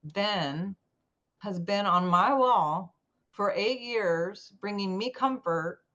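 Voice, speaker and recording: A woman guest in an interview telling a personal story in an animated way, acting out the lines of the people in it. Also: medium pitch, takes it slowly, dull audio. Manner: animated, acts out quoted dialogue.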